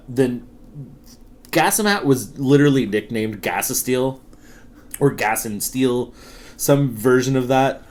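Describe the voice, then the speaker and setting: A man in his thirties, co-hosting a podcast, telling work stories in a casual, profane, laughing way. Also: medium pitch. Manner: profane, laughing, animated storytelling. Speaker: podcast co-host. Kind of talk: casual storytelling chat.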